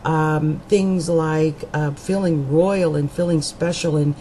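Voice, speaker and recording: A woman's voice: sits low, steady tone, slow, dark tone, a little hiss or hum, rough recording. A woman astrologer giving a monthly horoscope reading in a chatty, meandering way, with frequent fillers and restarts.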